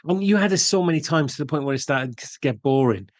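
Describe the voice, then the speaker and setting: A man's voice: fairly high pitch, expressive, fast. Rambling man recalling film details. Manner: rambling, searching for names. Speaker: podcast co-host. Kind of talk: casual film discussion.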